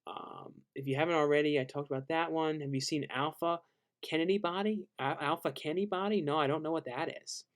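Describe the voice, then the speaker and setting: Chill guy doing a late night live q&a, halting, reads chat questions out. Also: on the high side. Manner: laid-back, halting, reads viewer questions aloud. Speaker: streamer hosting a Q&A. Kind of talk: casual live-stream chat.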